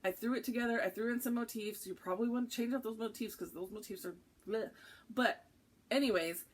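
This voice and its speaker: A woman vlogger chatting excitedly and casually to camera while unboxing a craft box, with frequent ums and little laughs. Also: medium pitch.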